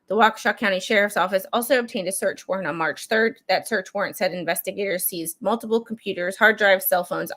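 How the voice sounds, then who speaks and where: Reading court documents on her true crime stream, this woman has a mid-range, fairly bright voice. She keeps it casual and chatty, wandering off into frequent asides, and an occasional cough reveals she's recovering from a cold.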